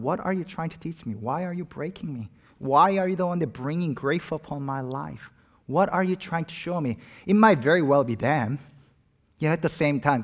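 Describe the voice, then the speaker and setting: A middle-aged man delivers a sermon in a mid-pitched voice. He speaks earnestly and pushes into loud, emphatic swells on his key points. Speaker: pastor.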